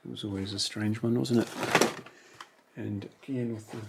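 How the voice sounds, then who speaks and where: A man's voice: fairly low pitch, steady tone, normal speed, vocal fry, heavy background noise. A man chatting casually to himself while unboxing toy cars, musing over each one. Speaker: toy car collector. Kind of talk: relaxed unboxing commentary.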